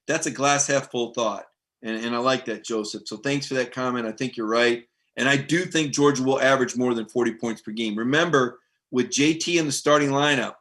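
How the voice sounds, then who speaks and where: Bright-voiced man chatting on a live sports show. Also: mid-range voice. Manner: animated, rambling, reads viewer comments aloud. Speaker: sports beat writer hosting a live show. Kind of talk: casual live-stream chat.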